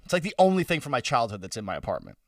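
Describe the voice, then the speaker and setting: Animated young man telling stories. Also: mid-range voice, rapid-fire, gravelly, dry recording, studio quality, far from the mic. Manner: animated storytelling, swears a lot. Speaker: podcast co-host. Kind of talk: casual chat.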